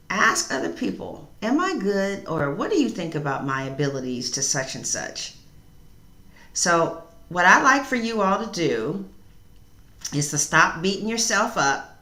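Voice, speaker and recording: A woman's voice: low voice, roomy sound. A middle-aged woman doing a tarot reading on a live stream and talking back to the chat in a sassy, outspoken way. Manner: sassy, outspoken, talks back to chat with loud laughing asides. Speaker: tarot reader.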